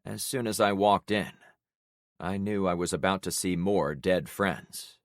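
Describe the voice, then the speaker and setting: A man with a lowish voice reads a survival story aloud in the first person. His delivery is steady and grave. The recording is dry and close, with no room sound. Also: unhurried, no echo. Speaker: audiobook narrator. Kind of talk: first-person audiobook narration.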